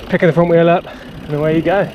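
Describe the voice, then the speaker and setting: A man's voice: a little high, fairly even intonation, quick pace, highs cut off, slight background noise. Encouraging man coaching riding outdoors. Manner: encouraging, talks through each move step by step. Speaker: riding skills presenter. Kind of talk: instructional talk while riding. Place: outdoors in town.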